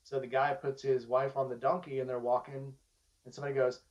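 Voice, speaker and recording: A man hosting an interview, chatty and quick to tell stories. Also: mid-range voice, steady tone, a little mellow, muffled recording. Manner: chatty storyteller. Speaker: interview host. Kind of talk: casual interview conversation.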